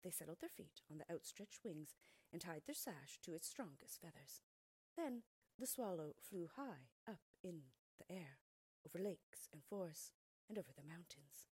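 Woman storyteller reading a fairy tale, husky, with a lively melodic voice. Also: lowish voice, normal speed, dry recording. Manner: expressive, often dropping to a soft near-whisper.

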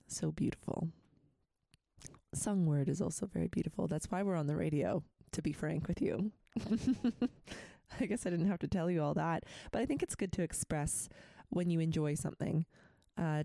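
Low, gravelly woman radio host. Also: mellow, no room sound. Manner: rambling and chatty, full of asides. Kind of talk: casual radio chat with a poetry reading. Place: radio studio.

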